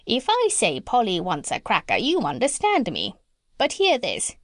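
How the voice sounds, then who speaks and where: A woman's voice: huge pitch swings, moderate pace, dry recording, clean studio sound. Woman doing a bossy chattering parrot. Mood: insistent. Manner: chattering, squawks bird sounds in high pitch. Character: bossy talkative female parrot.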